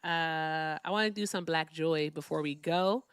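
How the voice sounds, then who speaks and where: A woman's voice: deep voice, unhurried, smooth, no echo, studio quality. A woman from Virginia with a Midwestern accent hosting a casual livestream, chatting and thanking viewers for their gifts. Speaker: livestream host.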